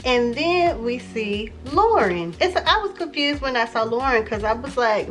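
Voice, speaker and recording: A woman recapping a TV episode in a loose, chatty way, with many fillers and excited exclamations. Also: on the high side, normal speed, hardly any pauses, soft background music. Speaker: TV recap vlogger.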